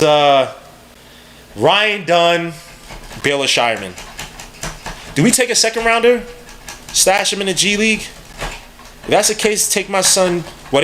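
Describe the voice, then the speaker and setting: A man hosting a podcast and giving live, rambling, slang-heavy draft commentary. He is excitable and jumps quickly from one thought to the next. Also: fairly high pitch, a little hiss or hum. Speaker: podcast host.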